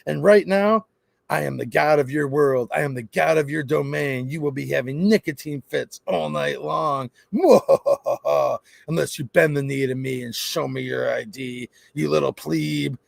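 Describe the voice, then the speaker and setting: A man's voice: a little high, moderate pace, creaky, no echo, voice pushed down. A man voicing a stern, pompous convenience store clerk who lords it over his customers. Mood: smug, stern. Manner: pompous, lordly, demanding.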